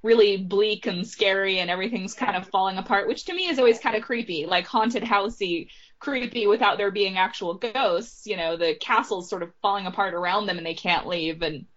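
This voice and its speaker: A woman's voice: mid-range voice, brisk, few pauses. Laughing, chatty woman author, lo-fi. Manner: laughs often, chatty, trails off. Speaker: author guest. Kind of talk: casual interview chat. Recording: dull lo-fi recording.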